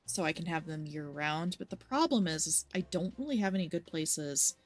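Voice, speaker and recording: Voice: medium pitch, animated, moderate pace. A streamer talking casually over a video game, chatty and playful with a rambling flow. Faint game music runs underneath.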